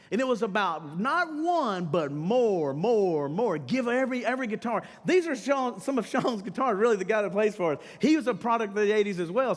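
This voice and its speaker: A middle-aged male pastor giving a casual, humorous sermon, slangy and animated, talking straight to the crowd and breaking into shouts. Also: very high voice. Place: church sanctuary during a live service. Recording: long church-hall reverb with faint music behind.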